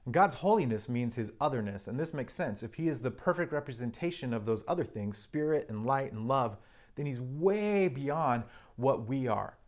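A man's voice: mid-range voice, lively intonation, normal speed, darkish tone. A man preaching a sermon, earnestly reading and explaining scripture with emphasis.

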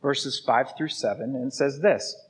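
Husky preacher in a reverberant church. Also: male voice, mid-range voice, normal speed. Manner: conversational preaching, frequent "okay?" and "right?" prompts. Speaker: pastor. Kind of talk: sermon. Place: church sanctuary. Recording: live church hall with long reverb.

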